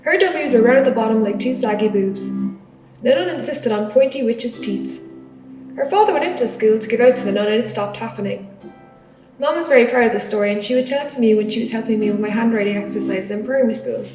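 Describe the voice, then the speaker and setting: A woman with an Irish accent giving a live spoken-word performance in an art gallery, in a measured, rhythmic, theatrical delivery. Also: a little high. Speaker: performance artist. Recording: echoey gallery, voice from far off, faint music.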